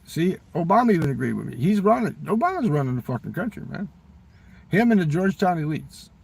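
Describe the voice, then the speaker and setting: A man with a smoker's rasp, rambling through a profane political rant. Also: fairly high pitch, big pitch swings, fairly quick, darkish tone, far from the mic. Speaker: vlogger.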